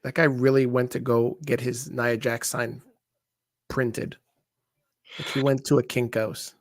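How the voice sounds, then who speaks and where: A man's voice: mid-range voice, flat delivery, measured pace, no room sound, clean studio sound. A man co-hosting a live wrestling watch-along, chatting and joking casually. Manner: joking, chatty, reacts loudly. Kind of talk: casual live commentary chat.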